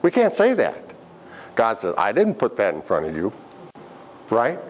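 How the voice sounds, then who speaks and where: A man's voice: lowish voice, huge pitch swings, unhurried. A man leading a Bible study class, asking the group questions and making joking asides. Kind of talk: interactive Bible lesson.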